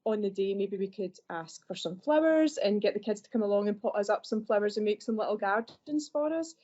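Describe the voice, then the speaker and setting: Friendly and quick to poke fun at herself, a Scottish library assistant talks during a podcast conversation. Her mid-range voice is mellow and animated and runs a little fast, heard through dull lo-fi audio.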